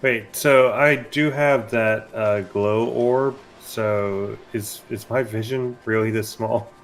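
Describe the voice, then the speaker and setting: A man with a lowish voice chats and jokes while playing a tabletop game. He asks questions about the rules and laughs easily. Faint noise sits behind his voice. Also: fairly even intonation, slow pace. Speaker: player. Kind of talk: casual game chat.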